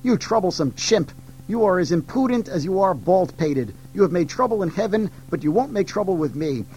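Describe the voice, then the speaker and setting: A man's voice: sits high, animated, a little fast, warm tone. A man voicing a haughty female demon queen who commands her servants. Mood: imperious.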